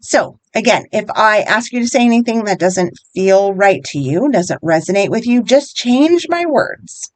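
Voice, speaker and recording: Woman, wellness guide, gentle and encouraging, lively melodic voice, dry close sound. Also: medium pitch, no echo. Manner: gentle, encouraging, slow step-by-step guidance. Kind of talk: guided tapping instruction.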